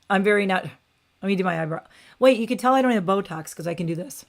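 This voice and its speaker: A woman's voice: medium pitch, expressive, a little fast. A woman hosting a casual livestream, rambling and opinionated, with frequent "like" and restarts. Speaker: beauty channel host.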